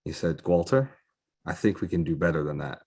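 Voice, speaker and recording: A man hosting a live event, giving an energetic, emphatic motivational pitch that repeats lines for effect. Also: fairly quick, husky. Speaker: real estate mentor and event host.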